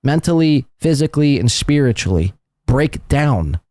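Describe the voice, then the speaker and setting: A man hosting a podcast, commenting on played clips in a mocking, sarcastic way that swings up into a high pitch when he ridicules someone. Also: sing-song, moderate pace, a little mellow, dry recording, clean studio sound. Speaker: podcast host.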